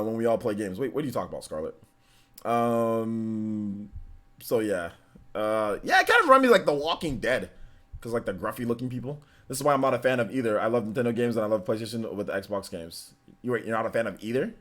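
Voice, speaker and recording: A young man chatting casually on a live stream, animated and quick to laugh, often repeating himself as he reads chat. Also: medium pitch. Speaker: streamer reacting and reading chat.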